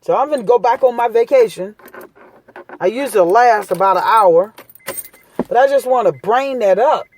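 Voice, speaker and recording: A woman's voice: fairly high pitch, normal speed, pauses often, a little mellow, slight background noise. A woman talking straight to her viewers in a casual, impassioned monologue, blunt and preachy, hammering her points home by repeating them. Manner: street-talk, blunt. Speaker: vlogger giving advice.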